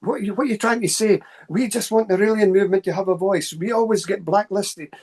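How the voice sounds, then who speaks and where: A worked-up male protester, put on by a man retelling the scene pushes his point in a rapid, insistent rush. He pleads to be heard and sits a little higher in pitch. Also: a little mellow. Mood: pleading.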